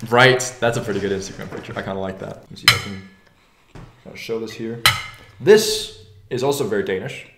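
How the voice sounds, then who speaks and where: A man's voice: on the low side, brisk, creaky. A man co-hosting a podcast, joking in casual chat while he eats at a table. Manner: joking, talks while eating. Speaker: podcast co-host. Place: room, eating at a table. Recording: echoey room, faint table noise.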